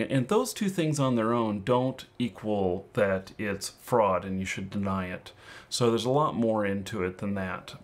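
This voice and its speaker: A man talking casually to his viewers about avoiding fraud, rambling along with plenty of filler words. His pitch sits in an ordinary middle range for a man. The delivery is loose and conversational rather than scripted. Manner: rambling, full of "you know" and "um" fillers. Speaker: online game-currency seller and fraud consultant. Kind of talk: casual advice talk to camera.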